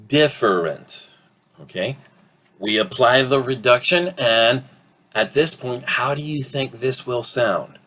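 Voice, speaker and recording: A man teaching English pronunciation in an online lesson, saying each word slowly and deliberately to model it and checking in often with "okay?". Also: deep voice, fairly bright tone.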